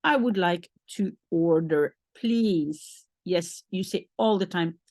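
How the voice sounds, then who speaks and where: A woman's voice: lowish voice, slow pace, darkish tone, dry recording. A woman from Belgium, a native Dutch speaker with a Belgian accent, patiently teaching beginner French and repeating phrases as she thinks aloud. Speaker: language teacher.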